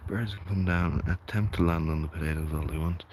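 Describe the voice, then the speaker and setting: A man with an Irish accent hosting a casual live gardening walkthrough, soft-spoken and mumbly, often half-whispering to his plants and insects. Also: sits low, steady tone, quick pace. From Ireland. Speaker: gardening livestream host. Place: outdoor vegetable garden. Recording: noisy outdoor livestream audio.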